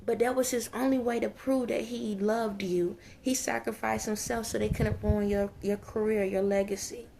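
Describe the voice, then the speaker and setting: A woman's voice: mid-range voice, fairly even intonation, normal speed, creaky, few pauses, dark tone, a little hiss or hum. A woman channeling spirit messages to viewers in an emotional, exclamatory way, often repeating phrases and dropping to whispers. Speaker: spiritual medium.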